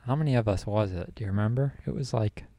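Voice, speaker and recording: A man's voice: on the low side, fast, mellow, slight background noise. A young man hosting a podcast, telling a college story casually and laughing through it. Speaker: podcast host.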